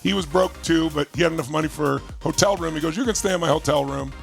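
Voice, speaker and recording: A man telling a story from his own life to an audience, animated, acting out the voices of the people in it. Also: fairly high pitch, fast, creaky, faint music behind. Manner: animated, acts out quoted voices. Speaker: motivational speaker. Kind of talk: storytelling talk.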